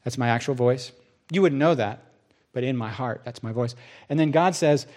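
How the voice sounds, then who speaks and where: A middle-aged pastor preaching a sermon, telling stories with lots of voiced quotes. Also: male voice, mid-range voice, brisk. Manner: animated storytelling with many voiced quotes.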